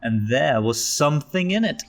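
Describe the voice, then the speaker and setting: A man narrating a children's storybook aloud, expressive, slow and gentle. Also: a little high.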